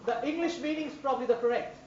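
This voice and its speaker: A woman's voice: sits high, racing, a crowd in the background. A woman trainer teaching a class, stressing words emphatically and repeating phrases to make her point. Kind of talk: classroom instruction. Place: large echoey classroom. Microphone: distant room microphone. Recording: echoey, distant, dull room recording.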